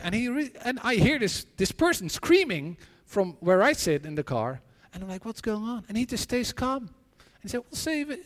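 A man with a high-pitched, slightly bright voice preaches a sermon of personal stories and prayer, earnest but halting, often restarting and repeating words, with the long reverb of a large hall behind him.

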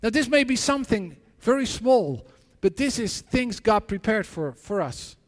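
Speaking in a high, sing-song voice, a man preaches amid the lingering echo of a large hall. His earnest storytelling stumbles along with many restarts and repeated words as he moves through personal anecdotes and prayer in his sermon.

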